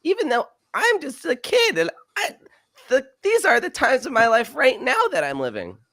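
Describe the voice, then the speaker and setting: A carefree little boy at the beach, put on by a man, reading ad copy in a bubbly, sing-song way. The voice jumps high and bounces all over the place. The sound is close and dry. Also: huge pitch swings, normal speed, a bit bright, dry recording, full character voice.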